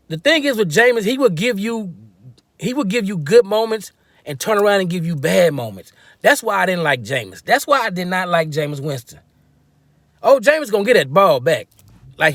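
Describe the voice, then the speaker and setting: A man's voice: high voice, a bit bright, dry recording. A man giving a casual, slangy football-fan rant, joking and acting out quotes as he goes. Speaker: sports fan commentator.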